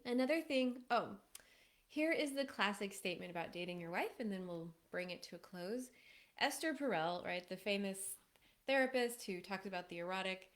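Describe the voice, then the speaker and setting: Lively woman coaching on relationships. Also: mid-range voice, moderate pace. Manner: animated, laughs often, acts out quoted voices. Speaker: relationship coach hosting a live stream. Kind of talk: casual advice talk to a live audience.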